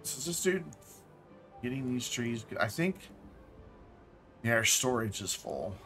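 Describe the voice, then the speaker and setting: A man's voice: mid-range voice, sing-song, a little slow, a bit bright, soft background music. A man casually commenting while playing a game on a live stream, thinking aloud, correcting himself and dropping jokey asides.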